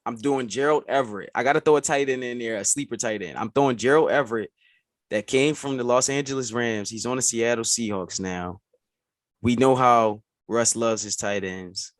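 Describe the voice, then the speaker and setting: An animated man co-hosts a casual sports podcast, saying "bro" again and again as he makes his case. He speaks at an average pitch. The recording is dry and close, with little room sound. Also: moderate pace, dry recording. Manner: animated, says "bro" often. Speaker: podcast co-host.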